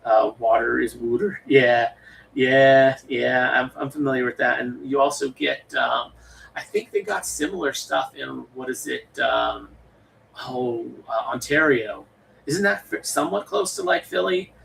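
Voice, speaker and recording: American male streamer, gravelly, rambling casual chat, a bit off-mic with faint room hiss. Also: medium pitch, measured pace, fairly bright tone, distant mic, low-quality recording. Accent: General American. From western United States. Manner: rambling, many fillers and restarts. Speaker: livestream host.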